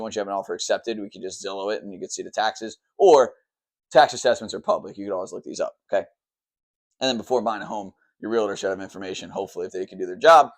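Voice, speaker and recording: Brief: fast-talking male mortgage lender at a whiteboard, rambling, mid pitch, keeps saying "okay". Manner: fast, rambling, full of "okay" and "all right" check-ins; says he talks fast and tries to slow down. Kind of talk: explaining the mortgage process.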